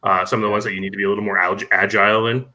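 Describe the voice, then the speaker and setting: Man, podcast guest, low voice, very bright sharp tone, measured, knowledgeable. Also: flat delivery, poor audio. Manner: knowledgeable, measured, many ums. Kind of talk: casual podcast chat.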